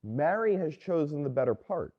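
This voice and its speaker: A Catholic priest giving a sermon in a conversational, storytelling manner. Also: male voice, a little high, sing-song, normal speed, lo-fi sound.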